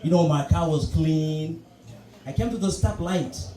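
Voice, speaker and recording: A male stand-up comedian telling a story on a club stage, animated and full of asides. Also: on the high side, measured pace. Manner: storytelling, animated, frequent asides like "you know". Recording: echoey club from a distant mic.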